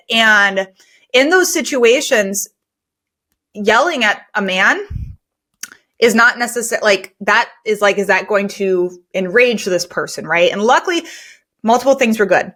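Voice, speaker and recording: A woman's voice: mid-range voice, a bit bright. Earnest woman podcaster. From United States. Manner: earnest, conversational, filler-heavy. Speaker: cleaning business owner and podcast host. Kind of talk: candid storytelling podcast talk.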